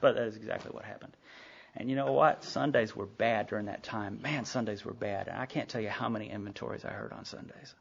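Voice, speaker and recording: A man shares his story at a recovery meeting in a quick, animated telling full of asides. His voice has a gravelly fry to it. The tape recording sounds dull and lo-fi. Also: fairly low pitch. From Sherman, Texas. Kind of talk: personal storytelling talk. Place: meeting hall.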